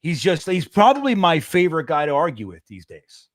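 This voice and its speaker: A middle-aged man, co-hosting a casual sports podcast, animated and swearing, acting out quotes in a raised voice. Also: a little high, a little fast, no echo, studio quality. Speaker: co-host.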